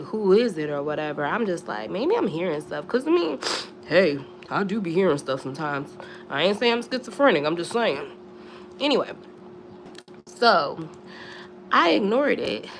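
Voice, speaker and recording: A young woman spinning a storytime at home, chatty and slangy, with her voice jumping up and down as she talks. There is a gravelly rasp in her tone and a faint hiss of background noise. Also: medium pitch. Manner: slangy, chatty, animated with many asides. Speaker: storytime vlogger. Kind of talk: casual storytelling on a live stream.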